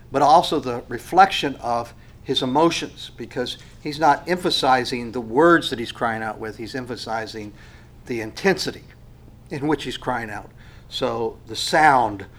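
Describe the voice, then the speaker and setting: A man preaching a sermon in a reflective way, with frequent pauses and fillers, moving from hushed lines to emphatic rising phrases. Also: mid-range voice.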